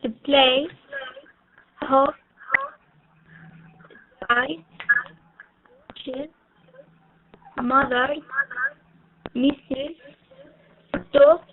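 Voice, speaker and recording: This high-voiced woman student reads English words in a flat, even tone and at a very slow pace. Her voice is heard over a tinny, phone-like line with a faint hiss. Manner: steady, even reading. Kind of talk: reading a word list aloud. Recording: tinny online call with faint noise.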